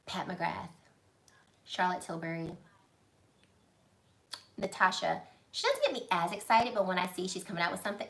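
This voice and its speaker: A woman's voice: lowish voice, expressive, a little slow, long pauses, pushed and bright. A woman, chatting through a casual livestream Q&A as a beauty vlogger and gushing as she reads viewer comments. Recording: echoey room.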